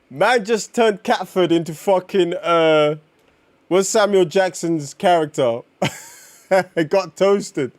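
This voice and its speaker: A man, chatting casually on a live stream while reading comics, slangy and excitable as he reacts to chat. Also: sits high, takes it slowly, dry recording.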